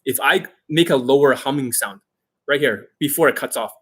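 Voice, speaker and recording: A man's voice: mid-range voice, normal speed, slightly rough. A man hosting an unscripted coaching Q&A, talking in a blunt, aggressive and profane way. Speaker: dating coach host.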